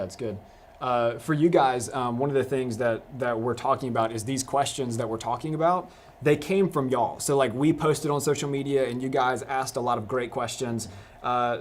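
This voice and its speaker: A man's voice: mid-range voice, slight background noise. A young man hosting a live youth discussion, casual and rambling, with many restarts. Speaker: youth pastor host.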